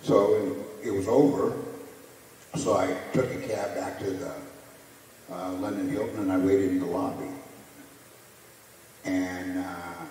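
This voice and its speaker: A man telling a lively story on stage about his racing days, acting out the people in it. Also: sits low, takes it slowly, pauses often, slight background noise. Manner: animated storyteller, acts out quoted voices. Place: museum hall with audience. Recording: echoey hall, distant mic.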